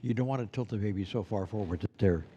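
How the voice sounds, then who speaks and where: A man's voice: lowish voice, quick pace, mellow, highs cut off, slight background noise. A man teaching a class of Santas, talking in a loose, conversational way full of asides. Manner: rambling and conversational, with many "you know"s. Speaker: instructor at a school for Santas. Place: classroom with students present.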